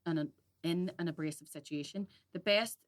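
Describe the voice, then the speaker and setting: A woman's voice: fairly low pitch, normal speed. A woman co-hosting a podcast, chatting casually and frankly, swearing freely. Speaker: podcast co-host. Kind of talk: casual chat.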